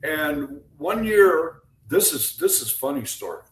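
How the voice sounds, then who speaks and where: A man's voice: a little high, measured pace, reverberant, a little hiss or hum, low-quality recording. An older man, a former ballplayer, telling stories casually on a video call and acting out the lines of the people in them. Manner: animated anecdote teller, acts out quotes. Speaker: guest, former baseball pitcher. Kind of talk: casual storytelling.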